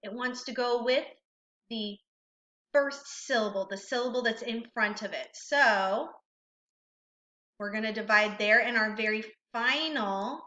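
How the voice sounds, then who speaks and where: A woman's voice: on the high side, a little slow, pushed and bright. A woman teaching a recorded phonics lesson, patiently asking questions and praising the learner. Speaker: reading teacher. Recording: roomy, slightly dull recording.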